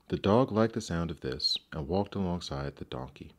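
A man narrating fairy tales in a gentle, expressive storybook reading. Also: sits low, normal speed, hardly any pauses.

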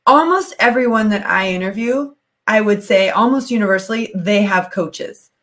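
A woman's voice: mid-range voice, moderate pace, fairly bright tone. A woman hosting a podcast interview, talking with enthusiasm and rambling through many restarts. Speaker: podcast host. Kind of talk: casual interview chat.

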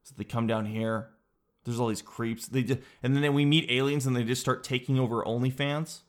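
A man's voice: medium pitch, normal speed. Rambling, joking male podcast host. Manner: rambling, joking, animated, with casual swearing. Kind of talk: casual solo podcast chat.

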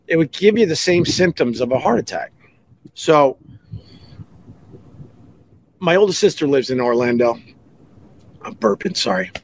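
A radio host, telling rambling stories in a casual, animated way and often breaking off to act out other people's voices. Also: male voice, mid-range voice, vocal fry, a little hiss or hum. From Long Island, New York. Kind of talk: casual storytelling podcast.

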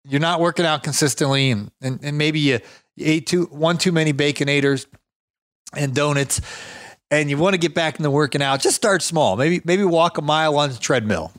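A man hosting a podcast, giving business advice in a chatty, energetic way with frequent chuckles and storytelling asides. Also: a little high, fairly quick, dry recording, clean studio sound. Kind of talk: casual motivational talk with anecdotes.

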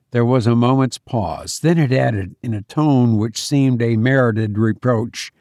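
A man narrating an audiobook in a measured storytelling manner, close to the mic. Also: mid-range voice, darkish tone, dry recording. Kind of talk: scripted narration.

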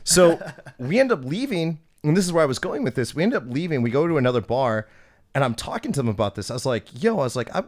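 A young man hosts a podcast, spinning a rambling story in a casual, profane way. He jumps into other people's voices as he quotes them, keeping the telling lively. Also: on the high side, quick pace. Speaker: podcast host.

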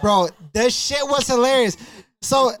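A man co-hosting a podcast, telling stories in a casual, profane, animated way. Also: very high-pitched, a little slow, no room sound, studio quality. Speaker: podcast co-host.

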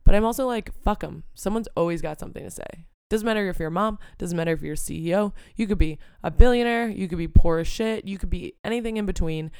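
A young woman hosts a solo podcast and talks frankly, swearing freely and filling her talk with "like" and "you know." Her voice has a gravelly fry, yet it stays very clean and clear. The sound is dry and close to the mic. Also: mid-range voice, fast, hardly any pauses, darkish tone, no room sound. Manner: candid and profane, lots of fillers like "like" and "you know". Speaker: podcast host. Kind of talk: casual solo podcast monologue.

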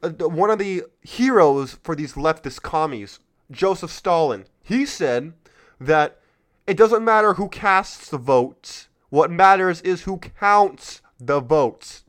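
High-voiced man ranting sarcastically. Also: animated, takes it slowly, fairly bright tone. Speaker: podcast host. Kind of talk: political commentary podcast.

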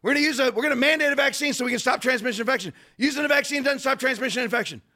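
A man hosting a podcast, giving fast, digressive political commentary full of rhetorical questions. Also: extremely high pitch, bright, forceful tone. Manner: rapid, digressive, rhetorical ranting. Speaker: podcast host.

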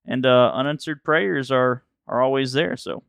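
A young man with a drawl co-hosts a casual podcast, telling rambling stories and laughing often. His voice is smooth and clear, at a medium pitch. The sound is dry and close. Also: moderate pace, fairly bright tone, dry recording. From Alabama, US. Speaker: podcast co-host. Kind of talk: casual chat.

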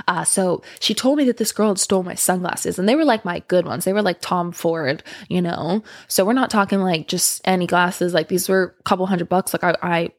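A young woman rambles through a candid storytime, cursing freely as she goes. Her voice sits low and gravelly with vocal fry, and it sounds close and dry with no room around it. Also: brisk, few pauses, dry recording. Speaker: vlogger. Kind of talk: casual storytime monologue.

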